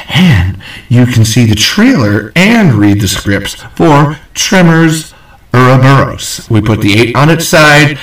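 Excitable, rambling high-voiced male host. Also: roomy sound, recorded from a distance, low-quality recording. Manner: excitable, rambling, swears freely. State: nervous and sweating. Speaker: podcast host. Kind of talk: rambling casual podcast sign-off.

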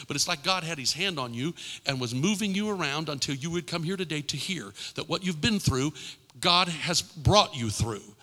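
An older man preaching a sermon, his voice bright and cutting and set a little high. He presses points with emphatic repetition, then sinks to a hushed tone. The sound carries a long reverb from a church sanctuary. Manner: impassioned, with emphatic repetition and sudden drops to a hushed voice. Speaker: pastor. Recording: long reverb in a large hall.

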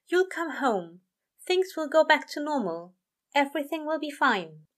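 Woman doing a fussy high-pitched angel guy, flustered, soft and doting, storybook reading. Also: very animated, slow pace, full character voice. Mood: cheerful. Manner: flustered, high and breathy, eager to reassure.

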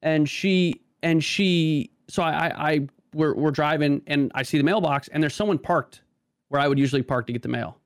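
A man guesting on a podcast talks casually in a higher-than-average voice at a moderate pace, often stammering, restarting, and saying "like." The recording is dry and clean, made in a studio.

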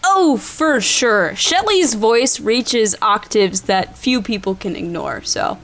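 A woman's voice: fairly high pitch, expressive, slow pace, fairly bright tone. A woman narrating a tabletop game as game master, chatty and hesitant, with many fillers.

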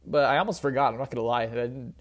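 A man's voice: medium pitch, quick pace. A young man hosting a solo sports podcast, rambling casually with fillers and restarts, joking at his own expense. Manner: rambling, self-deprecating, with many fillers and restarts. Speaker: podcast host.

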